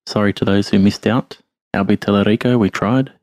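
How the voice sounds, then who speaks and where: A man's voice: lowish voice, fairly even intonation, brisk, darkish tone, no room sound. A man co-hosting a podcast, upbeat and matey, swearing freely. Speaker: podcast co-host. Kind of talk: casual podcast chat.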